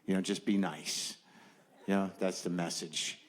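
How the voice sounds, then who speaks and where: A man's voice: deep voice, fairly even intonation, unhurried. A middle-aged man doing a stand-up comedy set, rambling and self-deprecating, full of nervous "you know" asides. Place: comedy stage before a live audience.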